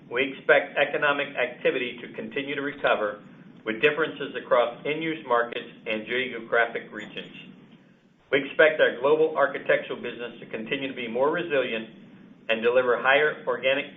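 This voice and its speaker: Ceo guy reading a script on an earnings call, calm and formal, thin phone audio. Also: medium pitch, fairly quick. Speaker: company chief executive. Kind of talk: prepared remarks on an earnings call. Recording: tinny phone line.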